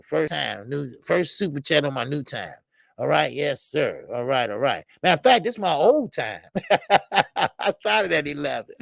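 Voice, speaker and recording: A man's voice: fairly high pitch, gravelly, no echo, clean studio sound. A man hosting a live boxing talk show, speaking casually with lots of slang and filler words and greeting chat viewers by name. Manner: animated and emphatic, street slang, many fillers.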